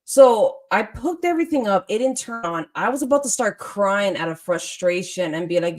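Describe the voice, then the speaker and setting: A young woman hosting a relaxed talk, her voice sitting at an ordinary middle pitch. She tells her story in an animated way, laughs often and acts out the lines of the people in it. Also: normal speed, hardly any pauses. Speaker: podcast host. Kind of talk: casual storytelling chat.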